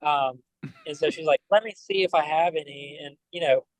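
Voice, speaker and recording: A man, a band member guest on a podcast, telling animated stories full of fillers. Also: a little high, normal speed, dry recording, rough recording. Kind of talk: casual storytelling.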